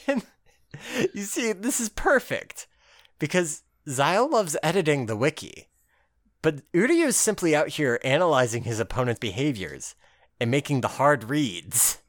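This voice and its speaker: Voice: mid-range voice, sing-song, measured pace, no echo, clean studio sound. A podcast co-host in casual recap chat, laughing often, swearing freely and acting out the characters' lines.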